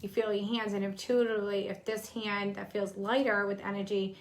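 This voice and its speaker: A woman's voice: mid-range voice, flat delivery, brisk. A woman co-hosting a casual chat, explaining energy practices in a talkative, teaching way with frequent ums. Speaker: psychic medium and co-host.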